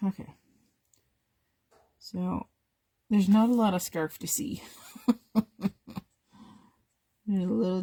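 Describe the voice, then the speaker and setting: A woman's voice: mid-range voice, fairly even intonation, unhurried, long pauses, dry recording, clean studio sound. A woman who is losing her voice, chatting to viewers while she demonstrates a craft on a live stream. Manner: talks to viewers while she works, with little asides.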